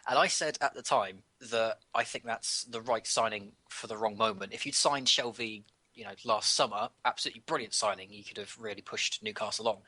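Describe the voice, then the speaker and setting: A man's voice: lowish voice, brisk, bright, forceful tone, no room sound. An English man co-hosting a football podcast, talking through matches in an opinionated, analytical way. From England. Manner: opinionated, analytical, repeats words when thinking. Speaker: podcast co-host. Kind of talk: casual football chat.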